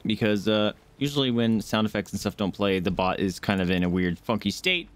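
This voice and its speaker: A man live-streaming a game, chatting casually and excitably with his viewers from a home setup. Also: fairly low pitch, a little fast. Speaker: gaming streamer.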